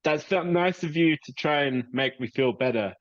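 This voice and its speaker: A man voicing a brittle, obsessive female scholar, speaking slowly and insistently, repeating herself. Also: on the high side, no echo, pitched above the performer's own voice, close to an everyday voice. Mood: curt. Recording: slightly muffled lo-fi mic.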